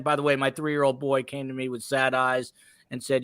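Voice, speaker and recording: Man, podcast host, upbeat chatty delivery, smooth resonant voice, dry close sound. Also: medium pitch, completely flat delivery, a little fast, fairly bright tone, dry recording. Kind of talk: live podcast hosting, reading viewer comments.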